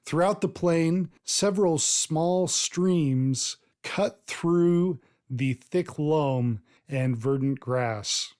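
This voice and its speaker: Unhurried male game master. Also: a little high, a little mellow. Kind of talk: narrating a tabletop game.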